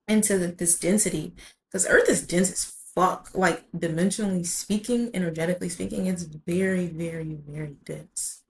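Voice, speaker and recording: A woman's voice: lowish voice, a little hiss or hum, low-quality recording. A woman vlogger telling a personal story in a rambling way, full of "like" and casual swearing.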